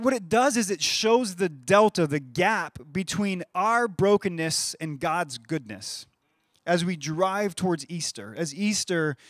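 A pastor in his thirties delivers a sermon in a conversational, animated way. His voice sits fairly high for a man. The sound is dry and close, with no room echo. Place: church stage.

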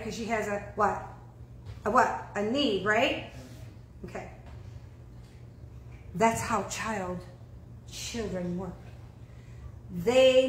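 Animated woman preaching in an echoey room. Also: fairly high pitch. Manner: animated, calls out questions to the congregation. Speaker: pastor. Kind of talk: sermon.

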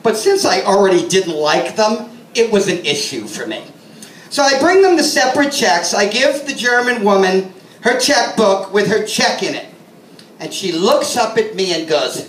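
A man's voice: high-pitched, very animated, normal speed, a bit bright, a little hiss or hum. A man doing a stand-up comedy set on a club stage, telling sarcastic stories and acting out the people in them. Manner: sarcastic storytelling, acts out customers. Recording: roomy, from a distance.

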